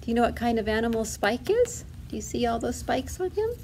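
A woman's voice: fairly high pitch, sing-song, a little fast, warm tone, a little hiss or hum. A woman librarian reading a storybook aloud to toddlers in a sing-song way, asking the children questions as she goes.

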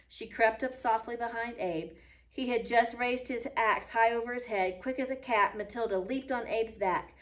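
A woman teacher reading a children's book aloud to a class, clear and patient, stopping now and then to comment. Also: fairly high pitch. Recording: voice a little far from the mic.

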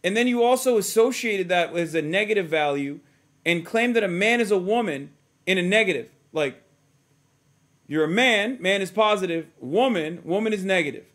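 Male streamer in his thirties, high-pitched, blunt and profane, mocks a clip he's reacting to. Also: animated, moderate pace, a bit bright. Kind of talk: live stream reaction commentary.

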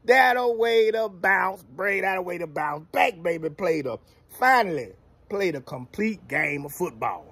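A man's voice: on the high side, animated, measured pace, a bit bright, slightly rough, no room sound. A man giving a casual football recap, drawling and playfully trash-talking. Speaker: sports commentator vlogger.

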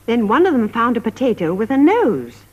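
A woman narrating a story for young children in a measured, sing-song 1950s television style. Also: fairly high pitch, big pitch swings, slightly rough. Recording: dull lo-fi 1950s television recording.

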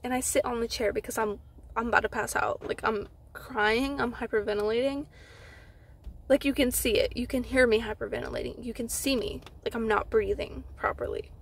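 A young woman telling a storytime vlog from inside a car. She retells it in an animated way, fills her talk with "like" and acts out what others said. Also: on the high side, a little fast, gravelly, husky. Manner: animated retelling with frequent "like" fillers, acting out others' lines. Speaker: vlogger.

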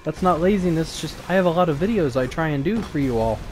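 A man giving a relaxed let's play commentary, thinking aloud in a flat, low-key way and often repeating small words. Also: quick pace, slight background noise. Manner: low-key, flat delivery despite interest. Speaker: gaming channel host.

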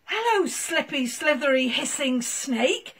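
Eager male pup on patrol played by a woman, bouncy sing-song, very high. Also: big pitch swings, slow pace, a bit bright, full character voice. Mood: cheerful. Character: cheerful young male puppy on patrol.

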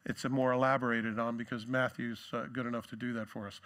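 A male pastor delivers a sermon in a loose, talky style, dropping jokes and side remarks as he goes. He acts out the quoted lines with lift and force, and his voice stays bright and forceful throughout. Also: mid-range voice, flat delivery, fast, hardly any pauses. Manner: conversational preaching with asides and jokes.

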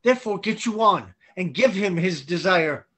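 A man's voice: high-pitched, animated, normal speed, sharp tone, husky, heavily acted. A man reading as a blustering, scheming knight. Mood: bold. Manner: blustering, persuasive delivery. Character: boisterous, scheming male knight. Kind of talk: Zoom play reading. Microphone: video call.

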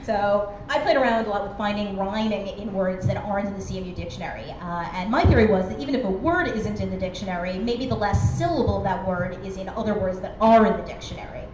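This conference speaker has a medium-pitched, slightly mellow voice and races along with few pauses. She keeps things chatty and pokes fun at herself, leaning on lots of fillers, while the hall echoes and background noise lingers.

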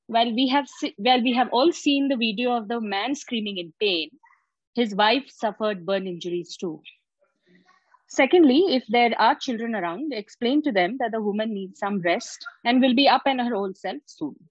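A woman in a writing workshop reading her own piece aloud in a steady, even way over a video call. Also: a little high, moderate pace, husky, no room sound. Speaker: workshop participant. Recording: dry, dull video call audio.

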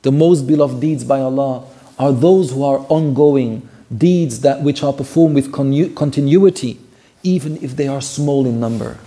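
This man's storytelling Quran commentary lesson, part of a weekly class, is earnest, full of repeated key phrases and Arabic phrases. His medium-pitched voice is mellow and slightly rough, at a normal speed.

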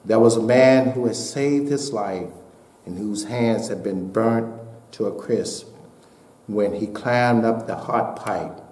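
A man preaching a sermon as pastor, building to shouted peaks and dropping to a hushed voice for a story. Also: on the low side, takes it slowly, echoey room. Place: church sanctuary.

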